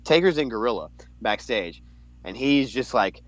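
A man's voice: expressive, normal speed. Rambling man in lo-fi wrestling chat. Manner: rambling, restarts often, jumps into high voice to quote. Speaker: podcast co-host.

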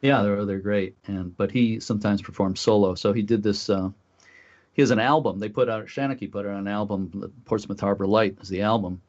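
A man chatting on a radio talk show, speaking haltingly with many fillers as he announces his group's events. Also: lowish voice, fairly even intonation, a little mellow. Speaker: lighthouse group volunteer leader. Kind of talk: casual radio chat. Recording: dull lo-fi recording.

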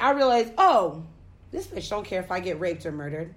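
A young woman from the United States telling a story in casual chat, profane and animated. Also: medium pitch, moderate pace.

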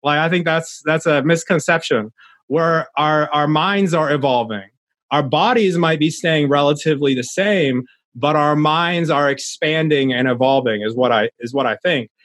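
A man's voice: on the high side, moderate pace, a bit bright, dry recording. A young adult man, a podcast guest, talking earnestly in a casual interview, rambling with many restarts.

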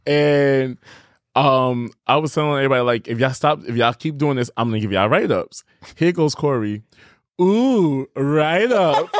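A man hosting a casual podcast chat, telling stories in an animated way and often breaking into laughter. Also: fairly high pitch, dry recording, studio quality. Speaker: podcast host.

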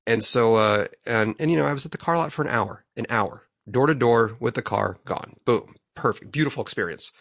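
A man's voice: medium pitch, brisk, vocal fry, hardly any pauses, no room sound, clean studio sound. A man co-hosting a podcast, telling a story in a casual, profane way and acting out his own outbursts. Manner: animated, swears freely, acts out his own outbursts. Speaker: podcast co-host.

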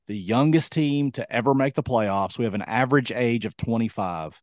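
A man's voice: medium pitch, normal speed, no room sound. Hesitant man chatting on a podcast. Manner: rambling, hesitant with many ums. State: voice going hoarse. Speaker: podcast co-host. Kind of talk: casual sports chat.

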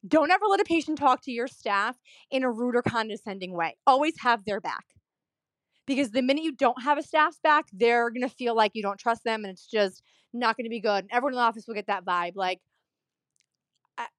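A woman's voice: on the high side, lively intonation, a little fast, a bit bright, no echo. A woman from a dental office telling a story to camera in a chatty, rambling way, full of fillers and emphatic asides. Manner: indignant, emphatic retelling.

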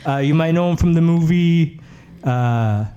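A man's voice: on the high side, unhurried, dark tone, lo-fi sound. A man hosting a comedy game show, announcing in a rambling, stumbling way.

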